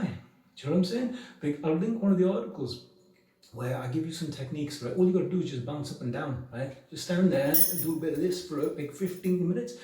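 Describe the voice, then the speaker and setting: A man's voice: a little high, lively intonation, fairly quick, dark tone, far from the mic. A man talking straight to his viewers in an emphatic, preachy way, firing off rhetorical questions. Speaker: video blogger. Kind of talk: monologue to camera. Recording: very echoey room, voice from the mic.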